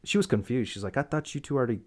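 A man's voice: medium pitch, racing. A young man in casual chat, animatedly recounting a family conflict and acting out the voices in it. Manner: animated storyteller, acts out quoted dialogue. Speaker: guest telling a personal story.

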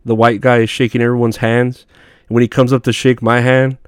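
A man's voice: mid-range voice, little pitch movement, a little fast, smooth, dry recording, clean studio sound. Profane, rambling man telling stories. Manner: rambling, profane, laughs at his own stories. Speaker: podcast host. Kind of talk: casual storytelling monologue.

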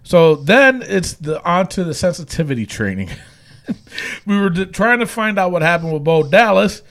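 A man co-hosting a podcast, recapping wrestling shows in casual chat, animated and laughing often. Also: high voice, normal speed. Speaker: podcast co-host.

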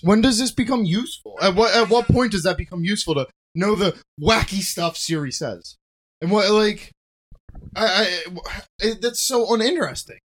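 A man's voice: sits high, animated, moderate pace, fairly bright tone. A man co-hosting a podcast, chatting casually and bluntly while reacting to videos, with frequent restarts and swearing. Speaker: podcast co-host.

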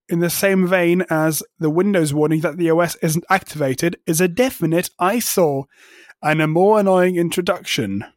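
Podcast co-host, man, slightly high voice, sarcastic sweary rants, dead dry room. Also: no room sound. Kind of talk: casual tech podcast chat.

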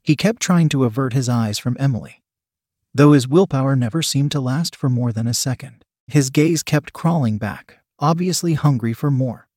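Casting: male narrator for an adult story, mid-pitched, dry close sound. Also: moderate pace, darkish tone, dry recording.

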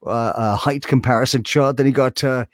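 A man's voice: medium pitch, normal speed, dry recording, studio quality. A man who works as a voice actor, talking casually in an interview in a room hung with animation art. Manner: animated, slips between impressions.

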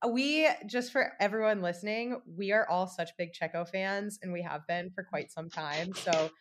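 A young woman co-hosting a casual podcast chat, enthusiastic and quick to laugh along. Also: lowish voice, noisy background. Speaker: podcast co-host.

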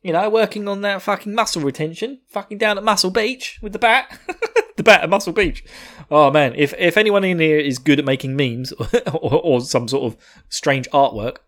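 A man's voice: fairly high pitch, normal speed. A man co-hosting a podcast, recapping an anime episode in a casual, profane way and laughing often. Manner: laughing, profane, animated retelling. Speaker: podcast co-host.

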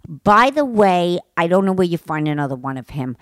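A middle-aged woman co-hosting a podcast with her daughter, talking bluntly, swearing and rambling excitedly. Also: on the low side, moderate pace, dry recording. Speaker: podcast co-host. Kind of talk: casual chat. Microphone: studio microphone.

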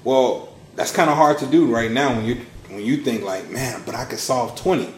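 A man in his thirties, a podcast guest telling his story in a casual, animated way. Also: normal speed, roomy sound, a little hiss or hum. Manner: animated storyteller, acts out quotes with big pitch swings. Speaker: podcast guest, launch strategist.

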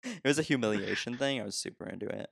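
Young male co-host, low and gravelly, animated delivery, joking and profane, dry close mic. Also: fast talker, background noise. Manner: joking, swears, laughs often. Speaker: podcast co-host. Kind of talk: casual movie podcast banter.

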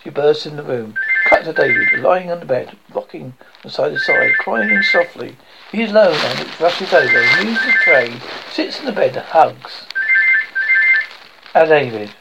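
A man reading a screenplay aloud, stage directions included, in a plain, halting way. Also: fairly high pitch, lively intonation, creaky, heavy background noise. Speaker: script reader.

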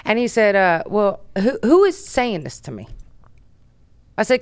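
An American woman, a business founder, telling a story as a podcast guest in a brash, profane, animated way. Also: medium pitch, normal speed.

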